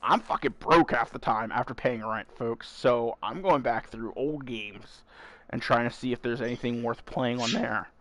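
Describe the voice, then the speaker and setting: A man's voice: mid-range voice, normal speed. Man, podcast host, casual gaming chat, blunt, swears often. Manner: blunt, swears, addresses listeners as folks.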